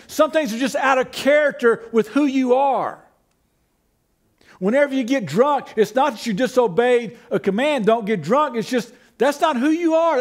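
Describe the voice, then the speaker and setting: Pastor, male, very high voice, relaxed conversational preaching with rhetorical questions. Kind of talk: sermon.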